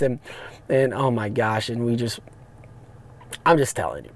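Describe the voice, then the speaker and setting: A man, hosting a podcast and telling rambling, animated stories about his rideshare driving. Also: medium pitch, measured pace, long pauses, dry recording. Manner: animated, rambling, frequent restarts and fillers. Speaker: podcast host, rideshare driver. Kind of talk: casual storytelling monologue. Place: parked car.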